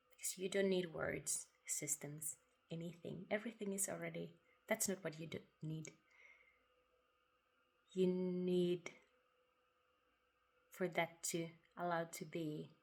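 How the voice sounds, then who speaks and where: A woman giving a reflective spoken monologue about spiritual ideas. She talks softly and without hurry, pausing often, sometimes dropping to a breathy half-whisper. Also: fairly low pitch. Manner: soft and unhurried, with long pauses, occasional breathy half-whispers and quiet laughs. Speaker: writer sharing spiritual reflections.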